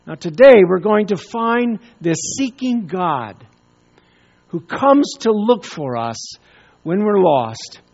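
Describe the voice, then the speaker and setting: A man preaching a sermon, telling a story with pauses and repeated words. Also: high voice, very animated, a little mellow, highs cut off. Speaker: pastor.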